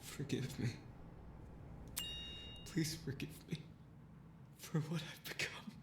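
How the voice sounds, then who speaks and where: A woman voicing a remorseful, broken young man in a game playthrough, speaking in a hushed, halting, half-whispered voice. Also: low voice, background noise, pitched below the performer's own voice. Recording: roomy echo over game music.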